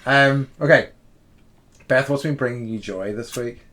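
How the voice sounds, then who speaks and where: Hoarse man rambling on a podcast. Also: medium pitch, measured pace, a bit bright. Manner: rambling, many fillers and restarts. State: hoarse, strained voice. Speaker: podcast co-host. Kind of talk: casual film review chat.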